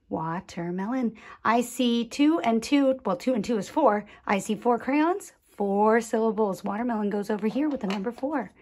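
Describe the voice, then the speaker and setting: A woman teaching young children in a sing-song voice, drawing out each word slowly and clearly. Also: medium pitch, darkish tone. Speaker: primary school teacher. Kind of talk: children's lesson.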